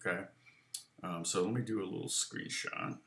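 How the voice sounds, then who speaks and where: A man's voice: deep voice, fairly even intonation, moderate pace. A man teaching guitar in a loose, chatty live online lesson, counting and humming rhythms aloud as he goes. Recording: roomy sound with loud guitar and backing music.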